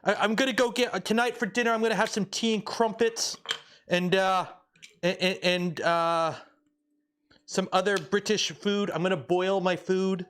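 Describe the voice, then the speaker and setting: A man putting on a cheery, silly mock-British voice, halting and jokey. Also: high-pitched, sing-song, a bit bright, voice pushed up, exaggerated voice. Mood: playful.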